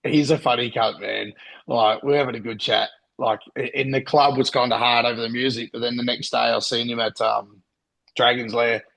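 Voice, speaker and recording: A man's voice: medium pitch, level tone, moderate pace, vocal fry, fairly bright tone, poor audio. An Australian man telling laid-back, sweary stories in casual podcast chat with fellow bodybuilders. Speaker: podcast co-host, pro bodybuilder.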